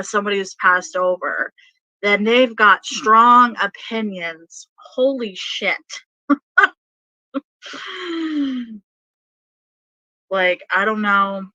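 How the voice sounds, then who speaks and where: Woman, casual tarot reading, rambling with fillers, laughs often, slow delivery, bright voice. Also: medium pitch, no echo, low-quality recording. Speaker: tarot reader.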